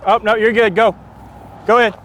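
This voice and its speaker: A man's voice: high voice, level tone, brisk, fairly bright tone, poor audio. A male police officer talking casually and reassuringly while on duty outdoors on a busy road. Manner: easygoing, reassuring. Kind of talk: casual on-duty narration to camera. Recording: street noise outdoors.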